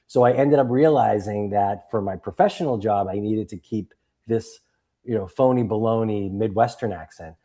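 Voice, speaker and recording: In a casual interview, a fifty-something guest from Boston who writes and coaches tells stories at a normal speed in a lowish voice. He's lively about it, slipping into the voices of those he quotes.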